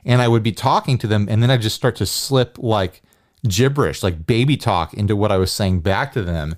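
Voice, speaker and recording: A man's voice: on the low side, a little fast. A man co-hosting a casual podcast, telling stories and acting out phone calls in voices. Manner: animated storytelling, acts out phone calls. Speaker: podcast co-host. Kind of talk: casual chat.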